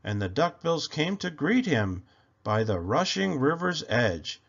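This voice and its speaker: A man reading a children's picture book aloud with slow, animated storytelling. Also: a little high, creaky, lo-fi sound.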